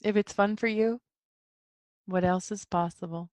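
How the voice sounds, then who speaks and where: A woman hosting a solo self-help podcast who talks excitably and jumps up high in pitch when she quotes her own thoughts. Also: slow, pauses often, dry recording. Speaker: podcast host.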